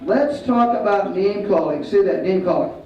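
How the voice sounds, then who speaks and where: Loud man drilling a school assembly. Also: high voice, expressive, normal speed, very noisy. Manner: loud, commanding, drills kids with repeat-after-me prompts. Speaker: martial arts instructor. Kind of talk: school assembly talk with call-and-response. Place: large school hall or gym. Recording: echoey hall, distant, dull sound, faint crowd.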